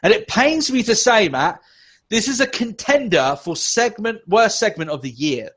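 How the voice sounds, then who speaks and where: A man on a casual podcast, ranting and swearing with heavy sarcasm. His voice sits a touch high and swings widely in pitch as he gets worked up. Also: sing-song, moderate pace, a bit bright, husky. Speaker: podcast co-host.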